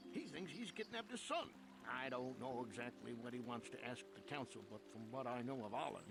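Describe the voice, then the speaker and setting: An actor playing a chatty, helpful middle-aged farmer settler in a video game, with a folksy, rustic way of talking. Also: male voice, medium pitch, vocal fry. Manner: folksy, rustic, plain-spoken. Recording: game audio with background noise.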